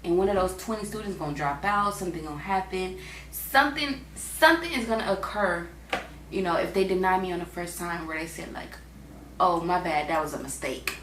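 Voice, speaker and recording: A woman's voice: lowish voice, very animated, fairly quick, a bit bright. A young woman reads the Bible aloud casually, stopping for chatty, slangy asides as a Bible reading host. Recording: echoey room with faint background hum.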